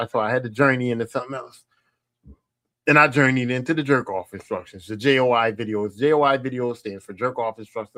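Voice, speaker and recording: A man hosting a podcast, telling crude stories in a profane, animated way, often laughing. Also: mid-range voice, no echo. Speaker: podcast host. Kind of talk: crude casual monologue.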